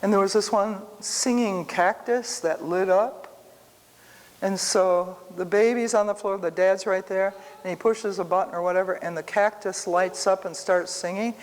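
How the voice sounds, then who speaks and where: A woman's voice: medium pitch, moderate pace. A woman teaching a casual sermon full of personal stories, talking straight to her listeners. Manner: animated storytelling, talks to the room. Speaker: Bible teacher. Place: church hall. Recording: reverberant church hall.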